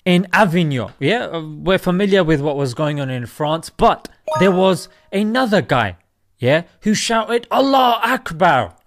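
A man with a high, lively voice holds forth in an opinion monologue about current events. He talks emphatically and keeps hitting the listener with rhetorical questions. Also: normal speed, background noise. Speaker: commentator.

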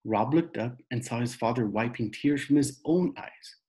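A man reading a novel aloud in slow, steady narration. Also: mid-range voice, poor audio. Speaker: reader.

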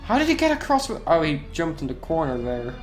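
A man giving casual gameplay commentary, excitable, repeating himself and yelping at sudden moments. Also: fairly high pitch, a little fast, faint music behind.

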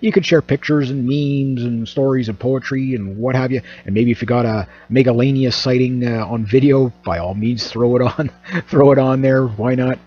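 A man's voice: medium pitch, steady tone, normal speed, slightly rough. A man from Canada, hosting his own channel in a casual, rambling, joking monologue full of fillers and restarts. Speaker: channel host. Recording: dull lo-fi recording.

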